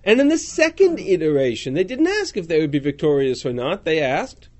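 Male teacher, higher voice, animated and lively, reading passages aloud and explaining them. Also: a little fast. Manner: animated, reads Hebrew and Aramaic then translates. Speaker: Talmud class teacher. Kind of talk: text study class.

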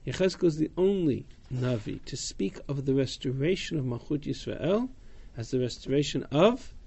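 A male teacher lectures a small class in a somewhat high voice with a gravelly edge. His tone is dark and mellow. He reads passages aloud, translates them and explains them, and he answers students' questions easily. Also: animated, normal speed. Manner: fields student questions casually. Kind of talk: text-study class lecture.

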